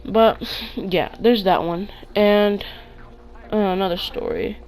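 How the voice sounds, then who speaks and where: A young man tells casual stories for his channel, wandering off track and restarting sentences. He gets loud and excited in the retellings. His voice comes through a clip-on mic. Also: high voice, slow, slight background noise, poor audio. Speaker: vlogger. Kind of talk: casual storytime.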